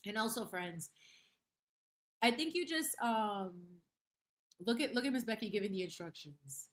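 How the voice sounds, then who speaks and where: A woman's voice: medium pitch, animated, unhurried. Playful, effusive woman streamer. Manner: playful and effusive, laughing often; sprinkles in Spanish phrases. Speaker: livestream host. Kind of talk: casual livestream chat reading viewer comments.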